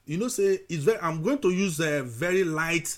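Host, Nigerian-accented man, slightly high voice, relaxed chat, code-switching into Pidgin. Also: normal speed. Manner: mixes English with Pidgin, frequent fillers and restarts. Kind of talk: casual language chat.

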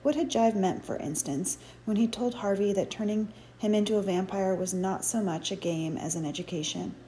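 A woman reading an audiobook chapter in measured, expressive storytelling narration. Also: mid-range voice. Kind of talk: scripted narration.

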